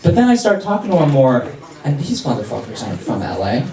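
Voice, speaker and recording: A young man from Los Angeles doing a sassy, animated stand-up comedy set on a club stage, with an audience laughing. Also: medium pitch, fast talker, far from the mic, a crowd in the background. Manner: sassy, animated, mocking impressions. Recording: echoey club recorded from afar.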